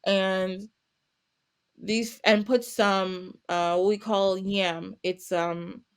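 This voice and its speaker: A woman's voice: medium pitch, drawn-out words, clear, resonant tone. A woman guest on a podcast, telling a folktale casually and acting out the characters' lines. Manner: animated, acts out characters with little voices and laughs. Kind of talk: casual storytelling.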